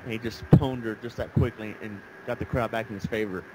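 A man's voice: fairly even intonation, brisk. A man hosting a casual talk show, rambling through stories and acting out what people said. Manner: rambling storyteller, acts out quotes. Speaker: podcast host. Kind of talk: casual chat. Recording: faint background noise, low-quality audio.

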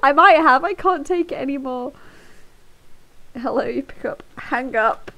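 A woman's voice: high voice, a little slow, pauses often, sharp tone. Brief: woman, casual game streamer, reads aloud, giggly and foul-mouthed, headset mic. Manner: giggly, swears freely, breaks into laughter. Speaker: livestreamer. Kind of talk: casual livestream, reading game text aloud. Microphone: headphones with a microphone.

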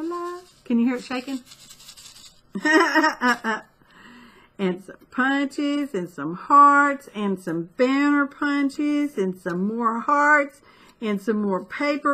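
Gushing, slow-talking woman. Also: sits high, expressive, pushed and bright. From United States. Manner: effusive, gushing, chatty. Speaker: craft vlogger. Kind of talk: casual unboxing chat.

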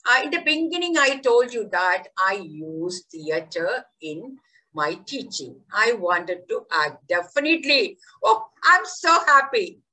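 Lady teacher on a video call, bright voice, slow and lively, telling a kids story. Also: medium pitch, poor audio. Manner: enthusiastic, animated storytelling. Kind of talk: online workshop and storytelling.

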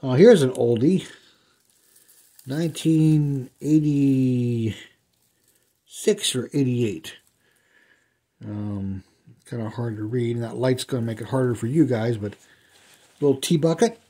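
A man in his fifties at home, talking through an unboxing of die-cast cars in a relaxed, rambling way, with plenty of ums and uhs. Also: mid-range voice, takes it slowly, long pauses. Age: 50s. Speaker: die-cast car collector and customizer. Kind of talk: casual unboxing vlog. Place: indoors at home.

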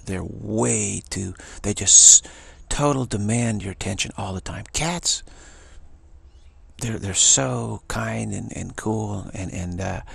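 Spiritual teacher guy, low raspy husky voice, chatty and playful, trips over words. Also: a bit bright. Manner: rambling, playful, repeats words. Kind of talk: informal spiritual talk.

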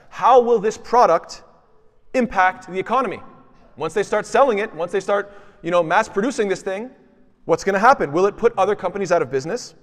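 High-voiced man teaching with rhetorical questions. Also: big-room sound. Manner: rhetorical questions, answering himself. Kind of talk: religious lesson.

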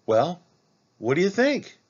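A worried young boy pleads and insists he did nothing wrong, as a man reads his lines. His voice is lifted high and turns urgent. The sound is a little muffled and lo-fi, like a storybook reading. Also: wildly swooping pitch, takes it slowly, heavily acted. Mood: worried, defensive. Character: anxious, defensive young boy.

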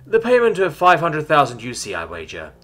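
A brisk, chirpy woman officer on a call, as a male narrator plays her, voiced high with lively ups and downs. Her tone is bright and a touch breathy. Storybook narration. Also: full character voice.

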